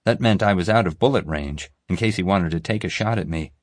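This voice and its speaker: Deep-voiced man reading an audiobook. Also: brisk, no echo, studio quality. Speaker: narrator. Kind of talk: scripted audiobook narration.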